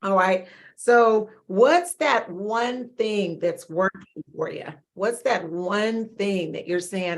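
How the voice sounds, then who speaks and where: A woman hosting a live online wellness support group, encouraging viewers and reading out their chat messages with laughs and bursts of loud emphasis. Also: mid-range voice, expressive, takes it slowly, few pauses.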